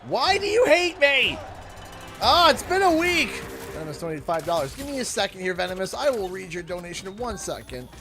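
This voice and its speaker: A man's voice: high voice, fast, hardly any pauses. A young Canadian man giving casual, jokey livestream commentary while he plays, talking to his chat. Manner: excitable, jokey, talks to chat. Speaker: streamer.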